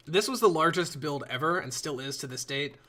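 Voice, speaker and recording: Bright-voiced casual male streamer. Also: fairly high pitch. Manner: rambling, casual swearing, chats to viewers. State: yawning a lot. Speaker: live streamer. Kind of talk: casual live-stream commentary while building.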